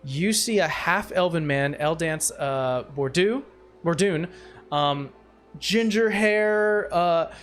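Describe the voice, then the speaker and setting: A man with a high voice narrates a tabletop game as its game master. He talks loosely, with many fillers and restarts. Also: slow pace, a bit bright.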